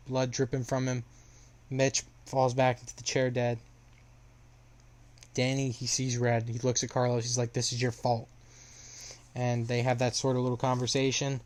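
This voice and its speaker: A young man walks through a story in a loose, casual recap. His delivery is flat and even, and he trips over his words and circles back as he goes. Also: medium pitch. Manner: rambling, filler-heavy retelling with restarts.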